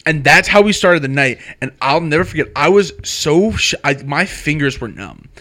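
A man in his twenties rambling excitedly through a story in casual chat with friends. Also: a little high, moderate pace. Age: 20s.

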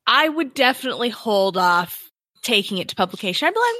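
A woman with a lawyer's background, chatting casually as a podcast co-host, animated and quick to laugh. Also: fairly high pitch, dry recording, studio quality. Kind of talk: casual chat.

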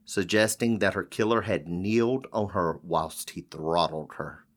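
A man co-hosting a casual true-crime podcast, narrating a case and teasing his co-host deadpan. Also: low-pitched, unhurried.

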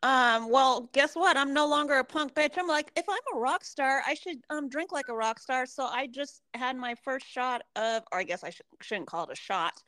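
A woman in her forties co-hosting a podcast, chatting casually and swearing freely as she tells animated stories. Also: sits high, normal speed, hardly any pauses, no echo. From American. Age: 40s. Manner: profane, animated storytelling. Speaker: podcast co-host. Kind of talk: casual chat.

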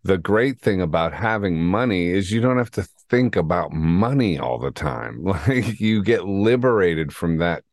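A man's voice: low-pitched, expressive, measured pace, few pauses, no echo, clean studio sound. A male interviewer on a video call, talking in a casual, rambling way with lots of fillers. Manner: rambling, many fillers and restarts. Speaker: podcast host.

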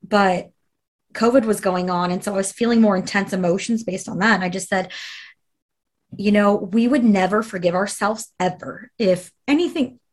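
A woman's voice: mid-range voice, normal speed. A woman telling an emotional personal story in an interview, earnest and conversational, with fillers and restarts.

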